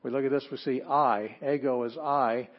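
A man's voice: medium pitch, fairly even intonation, normal speed, highs cut off. A man teaching an introductory Greek class, explaining step by step and often restarting his phrases. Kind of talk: classroom lecture.

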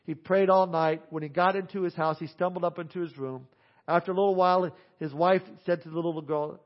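A male pastor preaching earnestly, slowing on key phrases, then leading a prayer. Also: sits high, steady tone. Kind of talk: sermon with altar call and prayer. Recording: dull lo-fi sound.

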